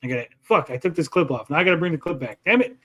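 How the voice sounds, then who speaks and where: A man's voice: fairly high pitch, racing, a bit bright. A male podcast host in casual livestream chat, profane and mocking as he rants.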